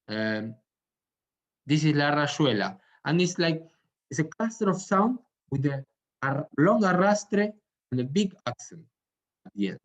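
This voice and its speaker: A man teaching a tango music lesson. He pauses often to find his words and sings rhythm patterns out loud with syllables. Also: on the high side. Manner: halting, searching for words. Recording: dull lo-fi sound.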